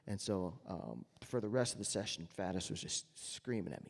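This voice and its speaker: A man's voice: lowish voice, moderate pace, gravelly, few pauses, in a large hall. A man, a jazz trumpeter, telling anecdotes to an audience and acting out the voices he quotes. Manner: storytelling, acts out quoted voices loudly.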